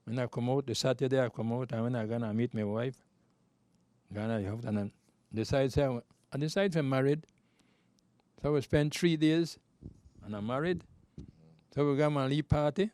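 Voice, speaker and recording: A man's voice: medium pitch, moderate pace, pauses often, a little mellow, no echo. A man in his nineties with a Belizean Creole accent, rambling through life stories as an interview guest, often repeating himself. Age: 90s. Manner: loose, repetitive storytelling in Creole speech. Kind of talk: rambling life-story telling.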